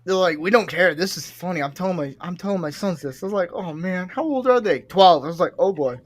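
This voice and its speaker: A man's voice: sits high, expressive, fast talker. A man hosting a podcast, chatting casually and telling jokey stories, acting out what people said. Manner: jokey storyteller, acts out quotes. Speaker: podcast host. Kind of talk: casual chat.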